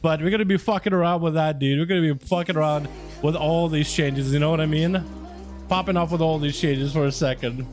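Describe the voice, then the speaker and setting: High-voiced young male game streamer. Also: steady tone, fairly quick, darkish tone. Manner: loose, profane and chatty with viewers. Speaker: gaming streamer. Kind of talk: casual livestream chat. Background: faint music.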